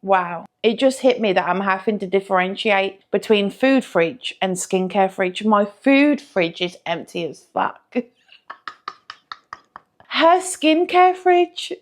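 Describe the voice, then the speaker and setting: A woman's voice: mid-range voice, a little slow, hardly any pauses. A young woman hosting reaction commentary, joking, swearing and laughing often in a casual way. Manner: profane, jokey, laughing often. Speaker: commentary host.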